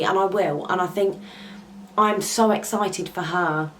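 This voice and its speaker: A young woman talks straight to camera in a low, candid voice, earnest and confiding. She pauses often on soft ums and sometimes sounds close to tears. A faint hum of background noise sits under her. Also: rough recording. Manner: heartfelt and confiding, with hesitant ums. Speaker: vlogger. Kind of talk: candid personal talk to camera.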